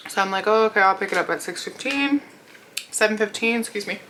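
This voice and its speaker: A woman's voice: medium pitch, quick pace, noisy background. Chatty young woman telling a mukbang story. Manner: chatty, rambling, lots of "like" and quoted dialogue; laughs often while telling the story. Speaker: mukbang vlogger. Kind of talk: casual storytelling while eating.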